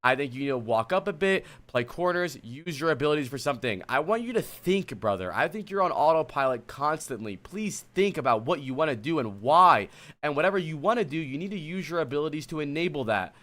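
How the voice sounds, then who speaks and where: Exasperated guy streamer coaching, high voice that jumps all over, cusses a lot, keeps talking to chat. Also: lively intonation, a little fast, a bit bright. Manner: blunt, exasperated, profane; talks to chat while lecturing a student. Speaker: streamer coach reviewing gameplay. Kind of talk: live-stream game coaching.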